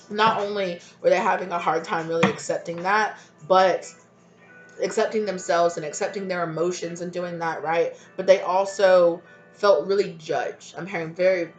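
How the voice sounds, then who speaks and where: Woman tarot reader, lowish voice, emotional and chatty, dull home recording with faint hiss. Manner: emotional, conversational, lots of "you know" and "right". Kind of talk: channelled tarot reading to camera. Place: home room.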